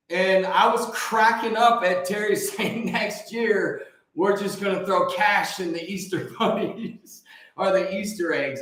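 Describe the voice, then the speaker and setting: A man hosting a livestream, talking in an excitable, preachy way and jumping from topic to topic. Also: high-pitched. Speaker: livestream host. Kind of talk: rambling livestream monologue. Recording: echoey room.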